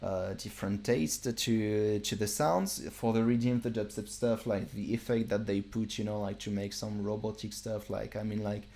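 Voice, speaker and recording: Male producer, deep voice, casual stream walkthrough, relaxed and rambling with fillers. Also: normal speed, creaky, few pauses.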